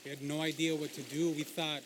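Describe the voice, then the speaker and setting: A man playing the disciple Peter, an impulsive fisherman who talks loudly and emotionally. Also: a little high, brisk, noisy background, close to an everyday voice. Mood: storytelling. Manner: excitable, loud, emotional storyteller. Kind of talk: Christian skit acting.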